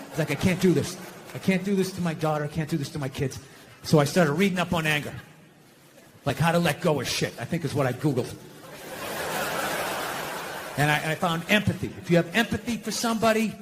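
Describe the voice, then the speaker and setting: A male stand-up comic on stage, ranting in a very high, sharp, forceful voice. He swears freely and sounds exasperated and animated as he builds his bit. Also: slight background noise. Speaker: stand-up comedian. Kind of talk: stand-up comedy routine.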